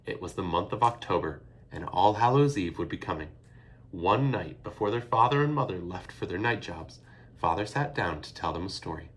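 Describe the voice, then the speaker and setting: A man reading a children's story aloud expressively, hushing in tense moments. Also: deep voice, moderate pace. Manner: expressive, hushed in tense passages. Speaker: narrator.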